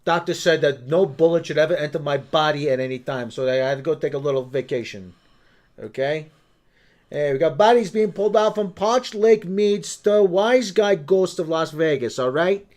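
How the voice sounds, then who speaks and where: A man's voice: on the high side, normal speed, darkish tone, lightly acted. A man putting on a cagey middle-aged character, tough-guy patter ending lines with "all right?". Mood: gruff, evasive.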